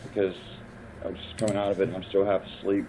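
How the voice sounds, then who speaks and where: A man playing in a tabletop game, talking in a halting way and repeating himself. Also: sits low, flat delivery, dark tone, a little hiss or hum. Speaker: player. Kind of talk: tabletop role-play chat. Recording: tinny phone-like line.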